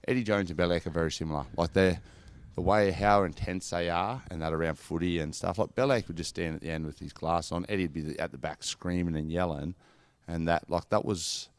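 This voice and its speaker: A deep-voiced Australian man in his thirties chats easily about his playing days, his talk full of "like" and "mate". The sound is dry and close, with no room around it. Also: brisk, few pauses, no room sound. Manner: laid-back storytelling, lots of "like" and "mate". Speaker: former professional footballer guest. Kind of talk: casual podcast chat.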